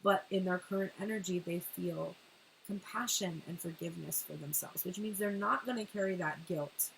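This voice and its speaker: A woman doing a casual tarot reading, talking in an animated way, swearing and laughing often. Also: on the low side, normal speed, gravelly, slight background noise, poor audio. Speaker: tarot reader.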